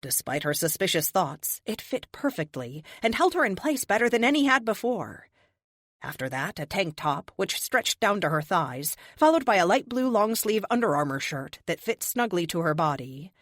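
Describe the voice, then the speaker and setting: A woman narrating an audiobook with steady, expressive storytelling. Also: lowish voice, normal speed, no echo, clean studio sound. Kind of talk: scripted narration.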